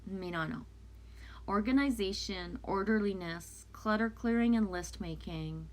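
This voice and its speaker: A woman's voice: medium pitch, a little slow. A woman whose first language is French, casually chatting with viewers and reading oracle cards aloud in a live stream. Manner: chatty, loose, talks back to viewers' comments. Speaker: oracle card reader.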